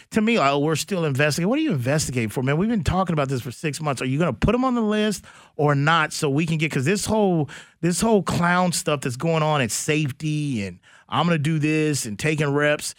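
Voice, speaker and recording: A man hosting a sports radio show, talking in a blunt, animated, slangy way about football news. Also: on the high side, no room sound, studio quality. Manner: animated, blunt, slangy, does mock voices. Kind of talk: casual sports talk.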